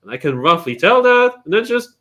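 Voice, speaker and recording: Male guest, crude jokester, bright animated delivery. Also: high voice, a little fast. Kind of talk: casual chat.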